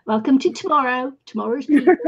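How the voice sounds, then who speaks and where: A woman's voice: sits high, husky, lo-fi sound. A woman from New Zealand hosting a casual craft livestream chat, chatty and laughing often. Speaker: livestream host.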